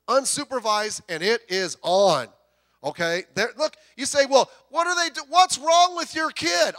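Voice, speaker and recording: A male pastor delivering a sermon in a high, bright voice that cuts through clearly. He drives his points home with rhetorical questions and slows down to stretch out the key words.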